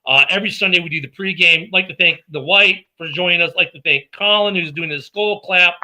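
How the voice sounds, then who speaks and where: A man hosting a sports podcast in a loose, joking way. His voice is very bright and sits a little high. He keeps things upbeat while plugging the show. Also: fairly quick, low-quality recording. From Minnesota. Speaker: podcast host. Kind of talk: casual sports chat.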